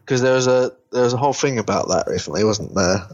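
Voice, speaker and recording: A man's voice: lowish voice, fast. A man co-hosting a casual podcast chat, rambling and restarting his sentences often. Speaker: podcast co-host. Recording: dull lo-fi sound.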